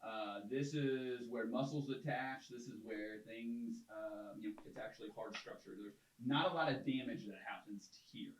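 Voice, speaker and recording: A man's voice: mid-range voice, moderate pace, hardly any pauses, a little hiss or hum. A man who is a guest expert on a podcast, explaining step by step with many ums and uhs. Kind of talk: casual explanatory talk. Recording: roomy, a little distant from the mic.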